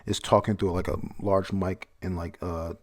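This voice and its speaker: A man's voice: sits low, flat delivery, normal speed. A man reading through a comic chapter aloud in a casual, blunt way, swearing freely and reacting as he goes. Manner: reads panels aloud, blunt, swears freely, laughs at surprises. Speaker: manga chapter reviewer.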